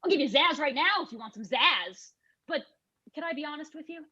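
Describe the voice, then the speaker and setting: A woman's voice: sits high, expressive, a little fast, sharp tone, lo-fi sound. A young actress playing an earnest young woman terrified of chimpanzees, speaking in an overly formal, dramatic manner. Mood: chiding. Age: young adult. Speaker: actor in a student comedy sketch. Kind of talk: stage comedy dialogue.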